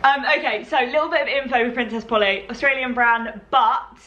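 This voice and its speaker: A bubbly young woman from the UK chats about her outfits in a light, slightly high voice. She sounds set back from the mic in a room that rings with echo. There is a soft hiss under her voice. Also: a little fast, recorded from a distance, highs cut off. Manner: bubbly, giggly and chatty. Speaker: fashion vlogger. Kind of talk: casual haul chat. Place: room at home.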